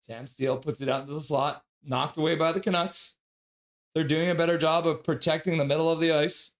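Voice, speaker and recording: A man's voice: a little high, a little fast. A man hosting a live fan stream, calling the game play by play at home, crying out at big plays and cooing in baby talk at his dog in between. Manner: excitable, cries out at big plays. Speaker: livestream host calling the game.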